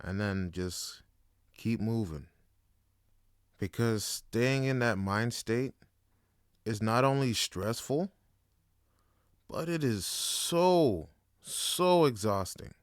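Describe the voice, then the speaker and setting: A man's voice: on the low side, lively intonation, takes it slowly, pauses often, clean tone, dry recording, studio quality. A young adult man hosting a podcast, telling a story in a casual, slangy, profane way. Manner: laid-back, slangy and profane. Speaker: podcast host.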